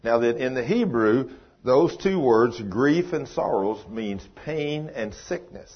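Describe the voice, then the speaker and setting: An older male preacher with a husky, slightly breathy voice delivers a folksy, emphatic sermon. His voice jumps up in bursts of emphasis. The recording sounds dull and muffled. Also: medium pitch, animated, slow pace.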